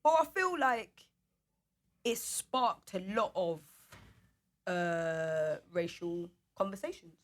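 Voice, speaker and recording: A woman co-hosting a podcast, chatting casually with playful, quick banter. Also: lowish voice, expressive. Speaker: podcast co-host. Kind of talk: casual chat.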